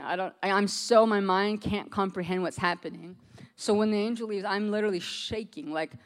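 An American woman preaching to a congregation, telling a personal testimony in a casual, chatty storytelling way. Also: lowish voice. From United States. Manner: conversational storytelling with frequent "like".

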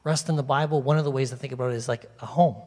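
A man preaching a sermon to his congregation in a lively, conversational way, asking them questions and drawing them in. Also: mid-range voice, rapid-fire. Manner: animated, conversational, talks directly to the congregation. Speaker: pastor. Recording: long reverb of a large hall.

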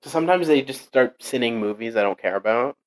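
A man's voice: medium pitch, lively intonation, fast talker, rough recording. A young man chatting casually, rambling with lots of fillers and restarts. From Portuguese heritage. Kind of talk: casual chat.

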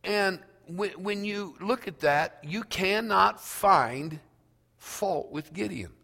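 A male pastor preaching a sermon slowly and emphatically, reading scripture aloud in a church. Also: sits high, creaky, bright, forceful tone, in a large hall.

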